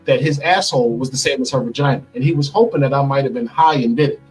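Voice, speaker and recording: Husky man bluntly retelling his story. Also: mid-range voice, fast talker, soft background music, poor audio. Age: middle-aged. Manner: blunt, vivid retelling with quoted dialogue. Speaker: interview guest telling his story. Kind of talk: candid interview storytelling.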